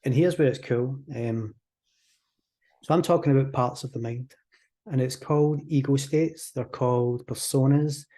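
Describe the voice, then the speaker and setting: A man with a Scottish accent, a hypnotherapist guest on a podcast, explaining quickly and animatedly, sometimes acting out example voices. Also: medium pitch, warm tone.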